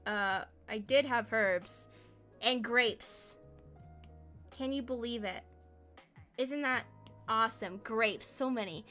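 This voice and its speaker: A woman's voice: fairly high pitch, slow, pauses often, bright, forceful tone, faint music behind. A woman streamer chatting casually while she works, playful and rambling, often breaking into giggles. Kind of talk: casual live stream chat.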